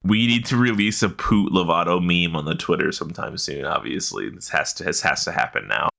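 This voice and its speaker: A man co-hosting a casual gaming podcast, excitable and quick to swear. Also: creaky. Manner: excitable, swearing, jumps to loud high laughs. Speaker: podcast co-host. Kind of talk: casual chat.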